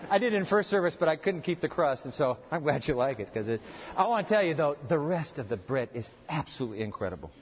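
Preacher, male, high folksy voice, long hall reverb, slightly muffled. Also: quick pace, a little hiss or hum. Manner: folksy, animated, jokes with the audience. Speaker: pastor. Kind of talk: sermon with live demonstration. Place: church hall with audience.

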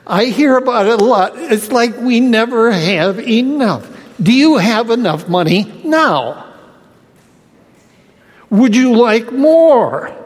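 High-voiced, unhurried male preacher. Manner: asks the congregation rhetorical questions. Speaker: pastor. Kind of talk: sermon. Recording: long hall reverb.

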